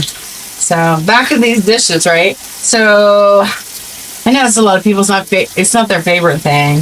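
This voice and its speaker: A woman's voice: mid-range voice, fairly bright tone, slight background noise, poor audio. Chatty sarcastic woman in her fifties. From American Midwest. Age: 50s. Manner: sarcastic, chatty storyteller with frequent restarts. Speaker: vlogger. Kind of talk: casual chat while doing chores. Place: home kitchen.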